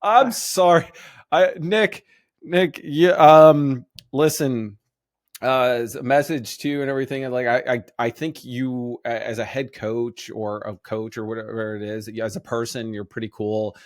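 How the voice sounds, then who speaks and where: A man's voice: mid-range voice, measured pace, dry recording, clean studio sound. Laughing, rambling male sports-podcast host. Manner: laughing often, lively, rambling with restarts. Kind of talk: casual sports chat.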